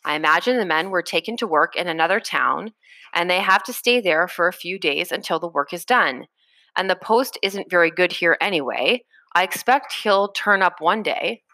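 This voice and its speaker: A woman's voice: on the low side, moderate pace, pushed and bright, no echo, rough recording. A woman reading the part of a curious, kind young boy who speaks earnestly and a little hesitantly.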